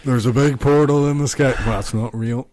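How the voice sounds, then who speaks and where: A man's voice: medium pitch, fairly even intonation, brisk, a little mellow, slight background noise. An Irish man co-hosting a podcast, blunt and sarcastic in casual banter. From Ireland. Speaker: podcast co-host.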